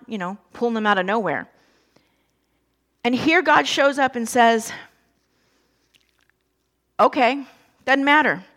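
A woman preaching a sermon in a relaxed, conversational way, telling the story with lively asides to her listeners. Her voice sits a little high.

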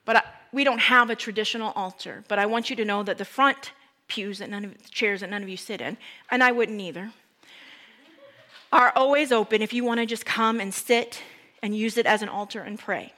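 A woman's voice: medium pitch, fairly quick, sharp tone. A woman pastor giving a sermon, emotional, her voice often dropping to a whisper. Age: young adult to middle-aged, a parent.

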